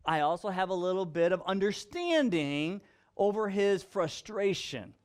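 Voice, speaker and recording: A male pastor preaching a sermon, animated and full of rhetorical questions, acting out quotes and making joking asides. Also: high voice, unhurried, smooth.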